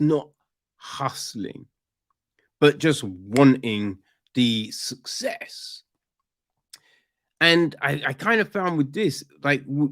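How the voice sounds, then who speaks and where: A man chatting casually about a film on a podcast, rambling with restarts and asking "right?" often. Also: a little high. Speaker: podcast host, film reviewer. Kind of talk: casual chat.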